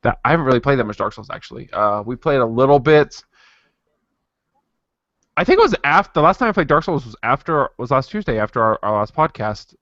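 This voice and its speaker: A man's voice: mid-range voice, animated, brisk, a bit bright, no room sound, muffled recording. A man co-hosting a podcast in casual chat. He rambles and restarts his sentences often. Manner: rambling, full of fillers and restarts. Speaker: podcast co-host.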